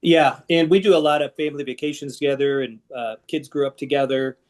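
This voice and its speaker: A middle-aged man from the Seattle area guests on an interview podcast, speaking a little fast in a voice on the high side. He talks candidly about his past with self-deprecating humor and lively asides.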